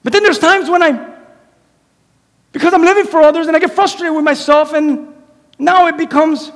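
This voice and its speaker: A pastor preaching a sermon in a church, swinging between quiet, intimate lines and loud, animated appeals. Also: male voice, very high-pitched, moderate pace, long reverb tail. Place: church sanctuary.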